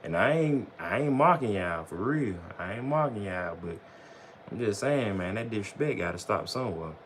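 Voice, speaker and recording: A man's voice: fairly low pitch, lively intonation, moderate pace, slight background noise. A man chatting casually on his livestream in loose slang, rambling and often tossing in "bro" and "you know what I'm saying". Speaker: vlogger on a livestream.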